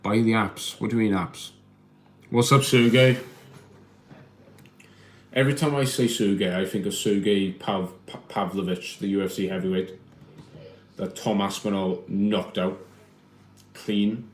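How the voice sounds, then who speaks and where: A man talks into his phone on a casual live stream at home. His voice sits a bit low. He rambles, stumbles and repeats words as he answers his chat. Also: steady tone, a little slow, long pauses. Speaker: livestream host reading chat.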